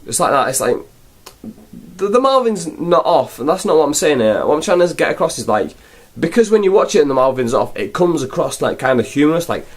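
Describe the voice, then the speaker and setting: Animated man ranting casually. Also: a little high, brisk. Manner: rambling, sarcastic, full of fillers. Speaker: film reviewer. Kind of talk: casual spoken review.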